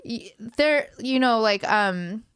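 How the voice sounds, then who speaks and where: Podcast co-host: young woman, chatty, filler-heavy, smooth high-ish tone, dry sound. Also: expressive, slow, fairly bright tone, dry recording. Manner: chatty, laughs often, many "like" fillers. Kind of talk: casual chat.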